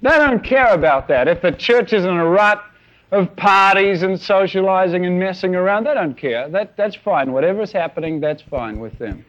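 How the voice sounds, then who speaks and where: A male preacher delivers a sermon, telling a long story and acting out scenes with little sound effects. His voice sits a little high. The recording is dull and lo-fi. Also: moderate pace, a bit bright.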